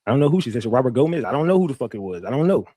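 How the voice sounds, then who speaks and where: A man's voice: mid-range voice, racing, no room sound, studio quality. A man streaming casual commentary, telling a story with lots of swearing and repeated words, and talking straight to his viewers. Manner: profane, animated storytelling with repeats; addresses viewers directly.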